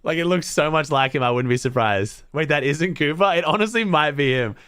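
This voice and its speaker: A man's voice: on the high side, animated, a little fast, fairly bright tone, clean tone, dry recording, studio quality. An Australian man streaming to his chat, thinking aloud in blunt, casual talk full of swearing. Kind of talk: casual livestream chat to viewers.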